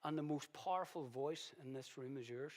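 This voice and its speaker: A male pastor preaching a sermon in a conversational way, with sudden loud, emphatic bursts. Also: mid-range voice, moderate pace. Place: church hall. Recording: reverberant church hall.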